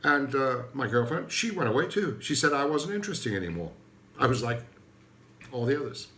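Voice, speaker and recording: Lively man, rambling jokes. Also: medium pitch, a little fast. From Turkey. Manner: digressive, self-mocking, jokey asides. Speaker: comedy host. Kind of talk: rambling comic monologue. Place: at home. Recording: roomy echo.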